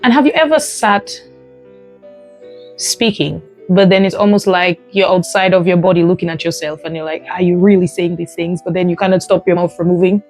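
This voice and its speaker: A woman hosting her own podcast, telling a personal story in an animated, emphatic way, often breaking into laughter. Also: fairly low pitch, a little fast, soft background music. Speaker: podcast host.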